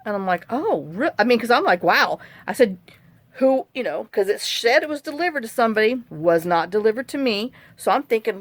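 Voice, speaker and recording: A woman's voice: a little high, expressive, brisk, no room sound. A woman chatting casually as she makes a journal, rambling through stories and complaints. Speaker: journal-making craft vlogger. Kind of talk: casual chat while crafting.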